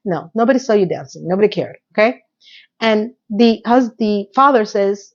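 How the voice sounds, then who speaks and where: A woman's voice: fairly high pitch, moderate pace, lo-fi sound. A woman casually recapping a TV episode, chatty and full of opinionated asides.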